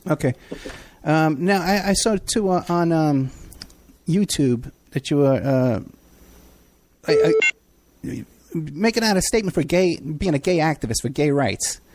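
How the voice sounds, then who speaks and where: A man's voice: on the high side, animated, unhurried, pauses often, noisy background. A male podcast host asking rambling, informal questions in an interview.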